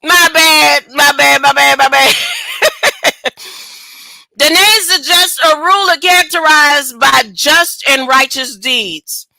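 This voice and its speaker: A woman's voice: high voice, vocal fry, sharp tone, no echo. A woman teaching a casual Bible study, reading a text aloud and breaking off into chatty asides and rhetorical questions. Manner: drawn-out, stop-and-start delivery. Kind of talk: casual scripture reading with commentary.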